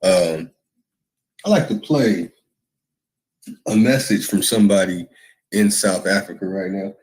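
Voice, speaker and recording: Male livestream host, lowish voice, loose and reactive. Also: measured pace, darkish tone, rough recording. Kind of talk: casual livestream talk.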